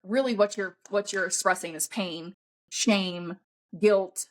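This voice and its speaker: A woman's voice: mid-range voice, slow, a little hiss or hum. A woman talking bluntly and emphatically as a podcast guest, swearing often in a coaching tone. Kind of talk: casual podcast conversation.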